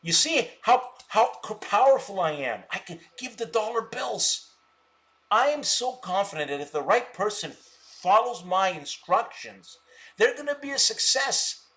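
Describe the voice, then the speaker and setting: A man rants on a stock trading live stream in a high, bright voice. He boasts and mocks his viewers scornfully, breaking into loud laughter. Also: very animated, a little slow. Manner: scornful, boastful, mocking insults; bursts of loud laughter and shouting. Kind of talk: ranting live stream talk.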